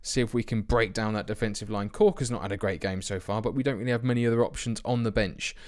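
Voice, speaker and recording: A young man casually commentating his football management game, chatty and self-mocking, with sudden bursts of excitement. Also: on the low side, fast talker. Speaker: let's play host.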